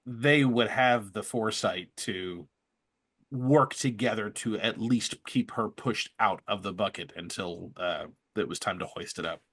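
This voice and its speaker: A man with a bright, forceful voice talks as a podcast guest in a studio. He weighs his points slowly and pauses often with little fillers. His delivery is casual and considered. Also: lowish voice, breathy edge. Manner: thoughtful, measured, with frequent hesitations.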